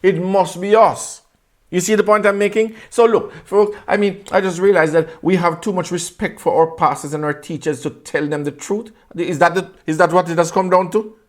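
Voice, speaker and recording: Impassioned preacher man, higher voice. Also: fairly even intonation, moderate pace. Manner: impassioned, rhetorical questions, repeats phrases for emphasis. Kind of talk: sermon.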